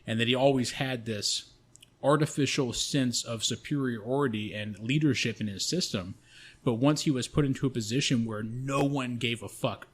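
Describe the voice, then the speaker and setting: A man co-hosting a podcast, telling a long personal story in a loose, rambling way. He swears freely and often restarts his sentences. His pitch sits in a middle range for a man. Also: slightly rough. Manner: profane, rambling, frequent restarts. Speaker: podcast co-host. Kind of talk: casual storytelling.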